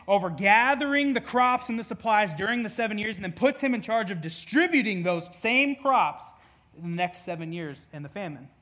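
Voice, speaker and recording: Bright-voiced guy preaching casual in church, chatty and jokey, kinda high pitched. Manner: chatty, jokey asides, acts out quotes. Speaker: pastor. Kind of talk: casual conversational sermon.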